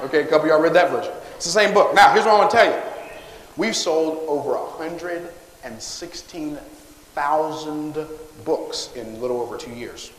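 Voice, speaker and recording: A man giving a live motivational talk on stage, calling for responses from the audience and pitching his books. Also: moderate pace, slight background noise. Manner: energetic call-and-response with the crowd. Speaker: motivational speaker selling books. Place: large hall with live audience. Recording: echoey hall, long reverb.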